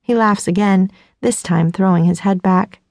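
A woman narrates a first-person audiobook, her tone self-mocking and a bit flustered. Her voice carries a gravelly fry at mid pitch. The sound is dry and close to the mic. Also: steady tone, moderate pace, a little mellow, no room sound.

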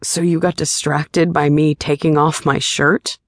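A woman's voice: sits low, flat delivery, a little slow, dry recording, studio quality. A woman reading the part of a young man, a worried and teasing sparring partner, in an audiobook. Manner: caring, teasing.

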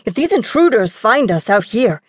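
A woman voicing a cautious, responsible boy prince who looks out for his younger brother and talks in a steady, reasoning way. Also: a little high, moderate pace, dry recording, studio quality.

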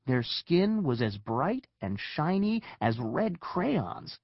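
A man narrating a children's story with expressive storytelling. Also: on the high side, slow pace, no room sound, highs cut off. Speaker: audiobook narrator.

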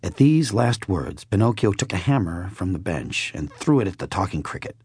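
Man, audiobook narrator, expressive storybook reading, husky, low, dry close mic. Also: normal speed, no echo.

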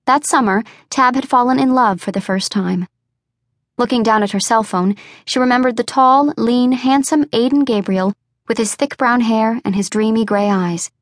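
A woman narrating an unabridged audiobook in a measured, even storytelling voice. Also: a little high, no echo, clean studio sound.

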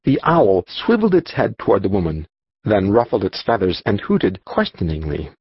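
A man narrating a children's audiobook in an expressive storytelling manner. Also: lowish voice, moderate pace, slightly rough, dry recording, dull audio. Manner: expressive storytelling, voicing dialogue.

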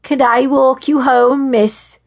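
A cheeky young Welsh man, put on by a woman narrator, pushy and sing-song, his raised voice climbing high and ringing loud. He whines and teases in an audiobook thriller. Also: fairly even intonation, takes it slowly, vocal fry, full character voice.

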